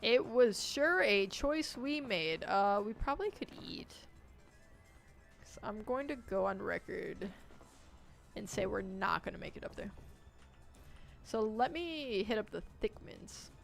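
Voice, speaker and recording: A woman streaming a game live, chatting and joking with viewers and shouting out loud when things go wrong. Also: mid-range voice, animated, measured pace, vocal fry, long pauses, soft background music. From United States. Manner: jokey, reacts loudly with sudden shouts. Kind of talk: live gameplay commentary.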